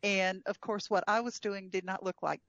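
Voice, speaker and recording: A woman's voice: medium pitch, fairly even intonation, normal speed, fairly bright tone, no echo, highs cut off. A woman guest telling a travel story in casual chat, chatty with frequent fillers and laughs. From United States.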